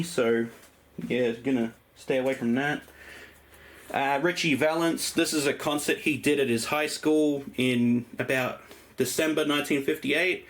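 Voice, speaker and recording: A man's voice: a little high, a bit bright. An Australian man casually showing his vinyl collection, rambling through it with plenty of ums and uhs. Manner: rambling, lots of ums and uhs while listing records. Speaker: record collector vlogger. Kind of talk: casual show-and-tell.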